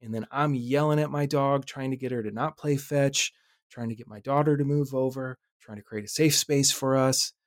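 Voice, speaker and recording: A man in his thirties hosting a podcast, telling a personal story in a reflective, animated way with casual swearing. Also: mid-range voice, normal speed, no room sound, studio quality. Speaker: podcast host.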